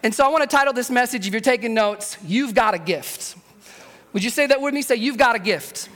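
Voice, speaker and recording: Energetic pastor preaching in a reverberant hall. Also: male voice, very high voice. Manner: energetic, humorous storytelling with call-and-response. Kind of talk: sermon. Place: church auditorium.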